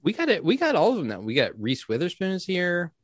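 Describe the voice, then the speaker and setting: A man co-hosting a podcast, talking in an animated, teasing casual chat. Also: high voice, fast talker, a crowd in the background. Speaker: podcast co-host.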